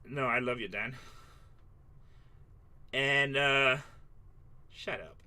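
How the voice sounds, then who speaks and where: A man's voice: mid-range voice, very slow, sharp tone. A man hosting a live card-breaking stream, tired, chatting loosely and joking back at viewers' comments. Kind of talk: casual livestream chat to viewers.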